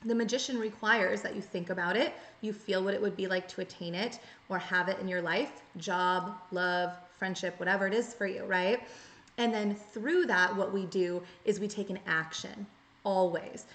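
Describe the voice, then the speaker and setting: A tarot reader with a mid-range, slightly bright voice speaks straight to camera, earnest and coaching as she gives a reading to her viewers. She acts out the inner thoughts she quotes, and the room is echoey with faint noise.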